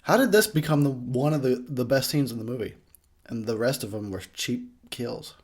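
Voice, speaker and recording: A man's voice: mid-range voice, normal speed, slightly rough. A drunk man giving a rowdy, profane movie commentary, laughing a lot.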